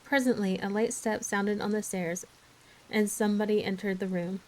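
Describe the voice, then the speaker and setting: Brief: woman reader, steady expressive storybook narration, mid pitch. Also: normal speed, low-quality recording. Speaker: streamer reading aloud. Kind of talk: storybook read-aloud.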